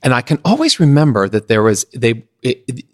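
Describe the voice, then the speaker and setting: Animated middle-aged man telling stories. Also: mid-range voice, fairly quick. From Pennsylvania. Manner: animated, acts out others' lines in shifting voices. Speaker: podcast guest, event designer. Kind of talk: anecdotal storytelling in conversation.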